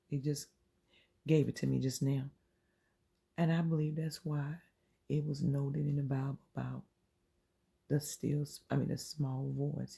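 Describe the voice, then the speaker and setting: Super husky gravelly voice, earnest preachy faith talk, repeats itself, slips into whispers. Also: mid-range voice, dark tone. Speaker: channel host sharing faith encouragement. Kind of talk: informal inspirational faith talk.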